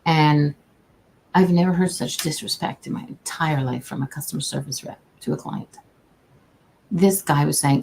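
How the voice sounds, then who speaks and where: Woman, customer service agent, chatty livestream talk, low voice, faint background noise. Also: lively intonation, brisk, gravelly, poor audio. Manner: chatty, folksy, warm-hearted, restarts sentences often. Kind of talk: casual livestream advice talk. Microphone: own camera, streaming.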